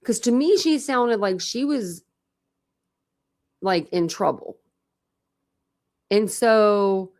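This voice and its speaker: A woman's voice: medium pitch, darkish tone. A woman hosting a true crime channel, chatting casually and thinking aloud as she reads out records. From Ohio. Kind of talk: casual case discussion, reading out records.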